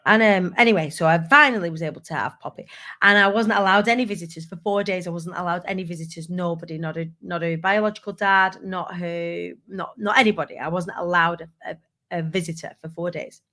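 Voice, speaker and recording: A woman's voice: fairly low pitch, a little fast, sharp tone. Woman, 30s, casual vlogger, candid and self-deprecating storyteller. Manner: candid, self-mocking, restarts often. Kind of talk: casual personal storytelling to camera.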